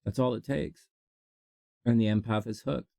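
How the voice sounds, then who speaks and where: A channel host talking casually to viewers, animated and laughing often, jumping between low asides and high exclamations. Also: normal speed, creaky, dry recording. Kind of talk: casual advice monologue to camera.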